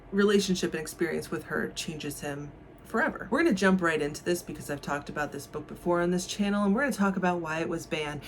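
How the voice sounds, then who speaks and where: A woman's voice: lowish voice, slight background noise. A woman hosting a book channel, talking casually and a little wryly about a novel and reading passages aloud. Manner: wry, conversational, lightly sarcastic.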